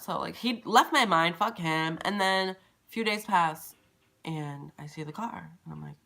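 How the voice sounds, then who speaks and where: A man vlogging a casual storytime, retelling it in an animated, profane, dramatic way. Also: on the high side, a little slow, gravelly.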